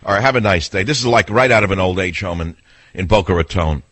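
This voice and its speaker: A man's voice: sits low, fast, fairly bright tone, no room sound. An older man hosting a national call-in radio show, blunt and sarcastic, arguing with callers and riffing in a talky, mocking way. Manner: blunt, sarcastic, argumentative, mimics people in voices. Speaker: radio talk show host. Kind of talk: combative call-in radio talk.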